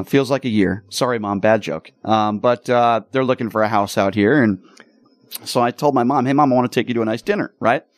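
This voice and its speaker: Animated male radio host, dry studio. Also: mid-range voice, dry recording. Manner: animated, exasperated storyteller. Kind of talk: casual storytelling chat.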